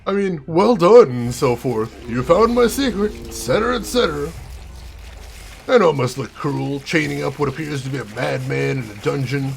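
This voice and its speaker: A man's voice: on the high side, animated, moderate pace, creaky, slight background noise. A man voicing a haughty, condescending male villain who rules a cursed mansion, speaking in a pompous, theatrical way. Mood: smug.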